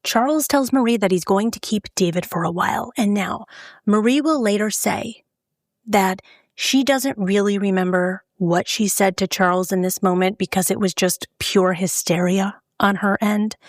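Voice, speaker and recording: A woman hosts a true crime podcast, telling the case in a loose, chatty storytelling manner. She slips into the voices of the people she quotes. Her voice sits at a middle pitch, recorded close and dry. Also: moderate pace, no echo. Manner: conversational, animated when quoting people.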